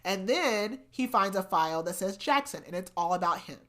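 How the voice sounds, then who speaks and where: A woman hosting a book podcast, casually recapping chapters in a chatty way with lots of "like" and animated retellings. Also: medium pitch, normal speed. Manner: chatty, heavy use of "like", animated retelling of scenes.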